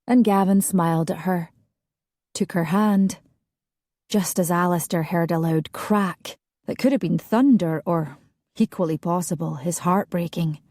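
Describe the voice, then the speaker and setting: A woman narrating an audiobook romance in a measured, dramatic storytelling style. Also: fairly low pitch, mellow, dry recording, clean studio sound. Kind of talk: scripted narration.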